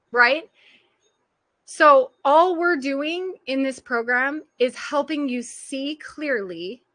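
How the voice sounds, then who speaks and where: Bright high-voiced woman coaching. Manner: earnest, direct address to listeners, frequent laughter. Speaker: parenting and life coach. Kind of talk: motivational coaching talk on a group call.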